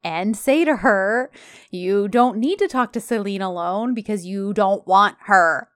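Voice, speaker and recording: A woman's voice: mid-range voice, measured pace, dry recording. A woman co-hosting a podcast, casually retelling TV scenes and quoting the characters. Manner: chatty storyteller, quotes characters. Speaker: podcast co-host. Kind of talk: casual chat recapping a TV show.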